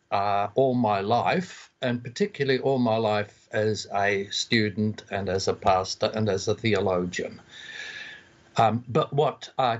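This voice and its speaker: Older Australian man on a muffled line. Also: fairly low pitch. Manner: measured, with many ums and uhs. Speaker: theologian guest. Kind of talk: interview over a phone line.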